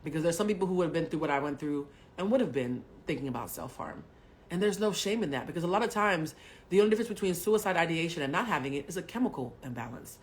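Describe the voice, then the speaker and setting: A woman in her forties from Haiti, a spiritual coach telling a personal story on a livestream in a blunt, profane way, swinging from loud bursts to hushed asides. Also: fairly low pitch, lively intonation, fast talker, slight background noise. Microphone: webcam or phone mic on a home livestream.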